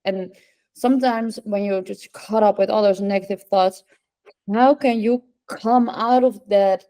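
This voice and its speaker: Slow-talking, enthusiastic woman host. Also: mid-range voice, steady tone, dark tone. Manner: enthusiastic, responds with repeated "wow" and laughter. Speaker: podcast host. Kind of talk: casual interview talk.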